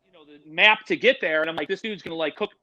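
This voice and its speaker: A middle-aged man, telling animated stories on a podcast, swearing freely and acting out the other people's voices. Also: fairly high pitch, fast, muffled recording, a crowd in the background. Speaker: podcast guest, animal educator. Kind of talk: casual storytelling.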